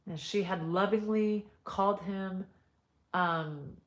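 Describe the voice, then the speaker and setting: A woman's voice: mid-range voice, slow. A woman reading a family story aloud in a casual storytime, breaking off into chatty asides.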